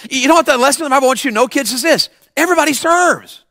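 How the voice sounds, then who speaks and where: Animated high-voiced preacher man. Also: racing, creaky, no room sound, clean studio sound. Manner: animated, mimics people. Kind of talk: youth sermon. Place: church service.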